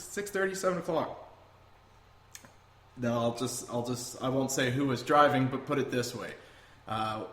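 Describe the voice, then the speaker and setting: A young man, a guest telling travel stories in an animated, rambling, self-amused way. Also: medium pitch. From Canada. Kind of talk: casual storytelling. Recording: echoey room, faint noise.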